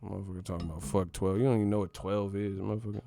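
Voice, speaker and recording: A man's voice: sits low, steady tone, racing, vocal fry, mellow, soft background music. A man hosting a boxing channel, ranting casually with profane, mocking, slang-heavy talk. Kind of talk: casual rant to camera.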